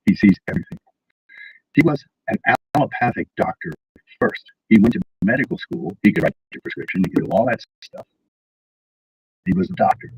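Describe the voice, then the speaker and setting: A man telling stories in casual conversation, animated, acting out the people he quotes. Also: lowish voice, fairly quick. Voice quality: husky. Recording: dull lo-fi sound.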